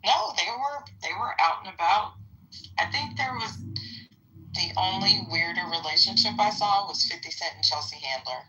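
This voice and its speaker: Woman, fifties, bright edgy tone, rambling chatter, phone line. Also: mid-range voice, animated, moderate pace, a little hiss or hum. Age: 50s. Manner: rambling, lots of fillers. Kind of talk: casual chat.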